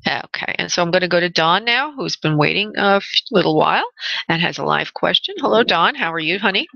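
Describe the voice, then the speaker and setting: Gravelly New woman giving readings. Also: lowish voice, animated, fairly quick, sharp tone, dry recording, highs cut off. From New York. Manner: motherly, calls callers honey, direct and firm. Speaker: radio show host and spirit medium. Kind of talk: call-in radio reading.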